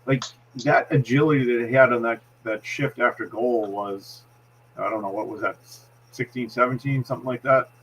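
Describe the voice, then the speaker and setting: A man's voice: mid-range voice, fairly even intonation, normal speed, fairly bright tone, a little hiss or hum, rough recording. Boston-accented man breaking down hockey plays. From Massachusetts. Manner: analytical, explains plays step by step with many restarts. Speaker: hockey analyst.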